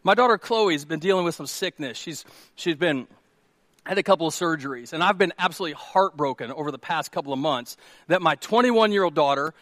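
A man, preaching a sermon with animated storytelling and questions to the congregation. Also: on the high side, a little fast, dry recording. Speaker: pastor.

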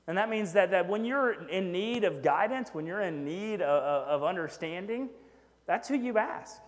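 A man's voice: high voice, expressive, moderate pace. A man preaching a sermon in a conversational way, with frequent "right?" asides and self-deprecating humor. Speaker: pastor. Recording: echoey hall with long reverb.

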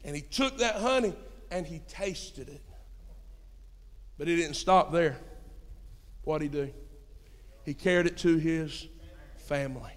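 A high-voiced young pastor with a drawl preaches in a church sanctuary. He tells folksy stories and swings between hushed asides and shouted points. A long hall reverb trails every phrase. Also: a little slow, pauses often. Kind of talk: sermon.

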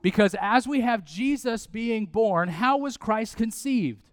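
Man, 30s, sermon, conversational, smooth resonant voice, dry recording. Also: sits high, moderate pace, hardly any pauses, no room sound. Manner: conversational, animated preaching with asides and repetition. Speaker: pastor.

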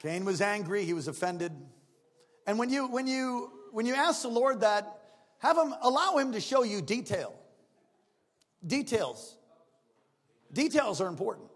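A man preaching a sermon as pastor, swinging between loud exhortation and quiet, joking asides. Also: high-pitched, lively intonation, unhurried, pauses often, long reverb tail. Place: church.

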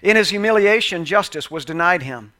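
A man preaching a sermon with passion, swinging between loud calls and quiet asides. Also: high-pitched, animated, fairly quick. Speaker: pastor.

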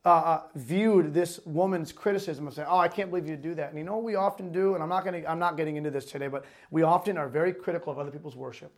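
A male pastor with a notably high voice for a man delivers a sermon. He reads scripture passages aloud, then breaks into loose, lively explanation, full of asides to his congregation. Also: fast, hardly any pauses.

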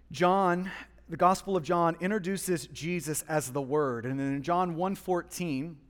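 A male pastor preaching a sermon, impassioned, often repeating the first word of a phrase and voicing God and listeners in quoted lines. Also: a little high. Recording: long reverb of a hall.

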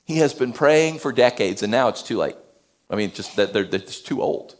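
A male pastor giving a sermon, animated, swinging between loud emphasis and hushed tones. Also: mid-range voice, moderate pace.

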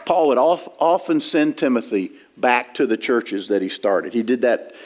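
A man's voice: medium pitch, animated, normal speed, a little mellow. Man preaching a conversational sermon. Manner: conversational, with frequent restarts and fillers; quotes scripture and explains the Greek. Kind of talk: expository sermon. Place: church sanctuary.

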